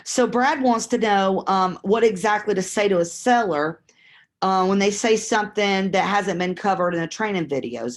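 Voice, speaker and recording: A woman's voice: medium pitch, moderate pace. A woman coaching real estate investors in a live stream, talking candidly and acting out sample phone calls. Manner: candid, conversational, acts out phone scripts.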